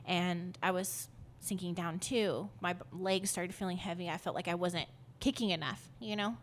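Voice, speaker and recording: A woman's voice: fairly low pitch, steady tone, moderate pace, a little hiss or hum. A woman guest on a podcast, telling a personal story in a loose, rambling way, full of fillers and laughs. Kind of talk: casual storytelling.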